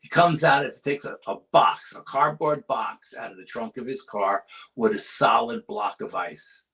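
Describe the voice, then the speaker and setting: A man, a paranormal researcher appearing as a guest, telling a story in casual chat with urgent energy and dropping to hushed tones for suspense. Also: medium pitch, expressive, normal speed, gravelly, rough recording.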